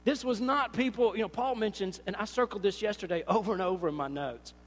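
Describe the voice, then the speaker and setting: Male pastor, high voice, animated sermon, long hall reverb. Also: quick pace, few pauses. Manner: animated, acts out little scenes with voices.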